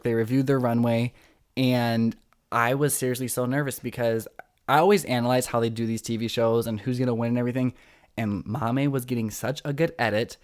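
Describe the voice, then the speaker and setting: A young man hosting a podcast, recapping reality shows in a casual, excitable and dramatic way. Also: mid-range voice, smooth. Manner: excitable, dramatic, acts out quotes. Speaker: podcast host.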